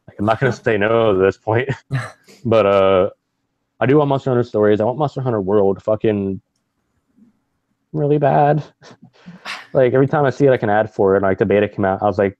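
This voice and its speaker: A man's voice: fairly low pitch, a little fast, long pauses, no echo, lo-fi sound. A man co-hosting a casual gaming podcast, rambling, swearing often and laughing a lot. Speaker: podcast co-host.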